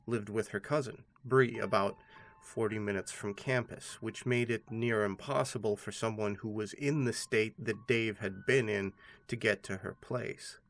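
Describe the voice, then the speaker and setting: A man, host of a horror channel, giving a scripted narration of a scary story in a steady, measured way. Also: on the low side. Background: faint background music.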